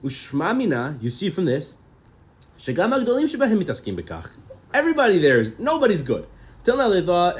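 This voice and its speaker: A man giving a Torah class with a lively, swooping voice that sits a little high for a man. He reads out Hebrew texts, explains them in an animated way, stumbles over repeated words and throws questions at his listeners. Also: fast. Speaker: Torah teacher.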